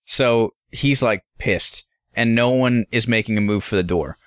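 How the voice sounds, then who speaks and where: A man co-hosting a podcast, telling a story in an animated, profane, casual way. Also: medium pitch, unhurried, clear, resonant tone, dry recording, studio quality. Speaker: podcast co-host.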